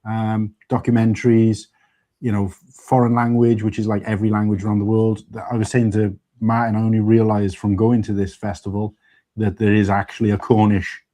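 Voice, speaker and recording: A man's voice: on the low side, little pitch movement, fairly quick, dark tone. A man from Wales hosting a live stream, chatting casually in a rambling way and laughing often. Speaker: stream host. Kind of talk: casual chat.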